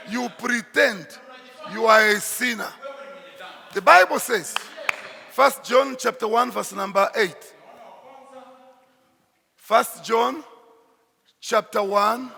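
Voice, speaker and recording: Male pastor, bright gravelly voice, slow emphatic sermon delivery, echoey church hall. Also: extremely high pitch. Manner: emphatic preaching, shifts into Swahili asides.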